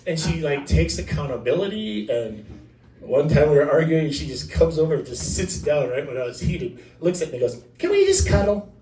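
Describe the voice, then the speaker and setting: A man's voice: fairly high pitch, expressive, normal speed, a little mellow, a little hiss or hum. A young man giving his own wedding vows off the cuff, rambling and self-deprecating, with jokes. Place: wedding ceremony. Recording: roomy, from a distance, faint background ambience.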